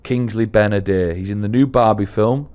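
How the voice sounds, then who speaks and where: Young guy w a lowish voice telling an embarrassing story on a podcast, laughs at himself, goes loud then quiet. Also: moderate pace. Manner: sheepish storytelling, laughing at himself, voice swings between loud and hushed. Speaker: podcast co-host. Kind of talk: casual podcast chat.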